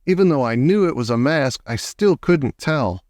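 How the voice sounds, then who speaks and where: A man's voice: medium pitch, no echo. Male audiobook reader, dry close sound. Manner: measured, expressive reading. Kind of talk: storybook narration.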